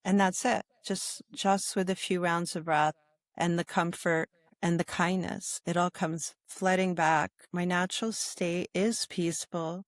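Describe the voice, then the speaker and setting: A woman's voice: lowish voice, level tone, a little slow, no room sound. Soothing woman yoga teacher, dry sound. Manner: soothing, guiding, repeats "right?" often. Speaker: yoga instructor and sobriety guest. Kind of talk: calm conversational interview talk.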